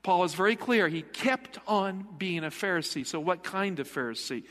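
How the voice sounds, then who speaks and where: The sermon comes from a middle-aged male pastor whose high-pitched voice is fairly bright, with lively intonation and normal speed. Emphatic, he challenges the congregation with rhetorical questions. The church sanctuary gives the recording a long hall reverb.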